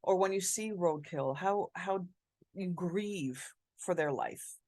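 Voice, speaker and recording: Woman, vlogger, casual storytelling, candid, expressive, swears, dry close sound. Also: fairly low pitch, takes it slowly, dry recording. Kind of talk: casual personal storytelling to camera. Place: at home.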